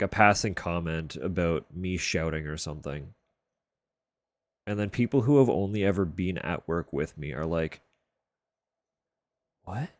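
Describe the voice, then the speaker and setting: Low, unhurried man chatting on stream. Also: dry recording. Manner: keeps voice level and low, swears casually. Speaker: livestreamer. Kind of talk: casual chat on a live stream. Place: room at home sharing a wall with a neighbor's bedroom.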